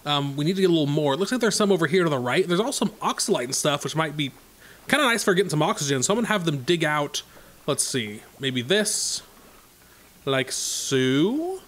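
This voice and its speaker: A man's voice: fairly high pitch, lively intonation, fast, fairly bright tone. A man casually commenting on his own gameplay, thinking aloud in a chatty way with many fillers. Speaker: let's play host.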